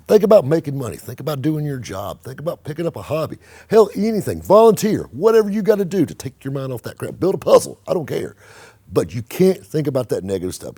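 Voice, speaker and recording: A man hosting his own channel, giving blunt, animated motivational talk to the camera and swearing freely. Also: medium pitch, no echo, clean studio sound. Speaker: car vlogger and host.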